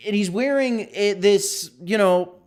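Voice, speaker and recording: A man hosting a casual livestream, talking in an animated, emphatic way that repeats phrases. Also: high-pitched, a little slow, clear, resonant tone. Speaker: livestream host.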